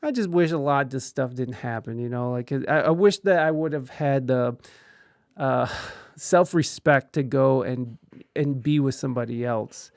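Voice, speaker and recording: A man's voice: medium pitch, normal speed, vocal fry, dry recording, clean studio sound. A man hosting a podcast, casually telling a candid personal story with frequent swearing and laughter. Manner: candid, profane, laughs often through the story. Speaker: podcast host.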